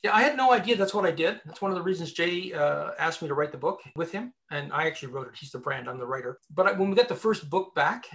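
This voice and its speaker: A recruiter and author appears as an interview guest, telling stories in an animated, emphatic way. His voice is fairly high and gravelly, and he speaks fast with few pauses in the conversational exchange.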